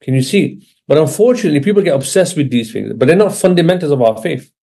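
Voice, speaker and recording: A man's voice: on the high side, lively intonation, fast, gravelly, mellow, slightly rough. A man giving an informal religious lecture, talking conversationally and often checking in with his listeners. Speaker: Islamic religious teacher. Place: Britain.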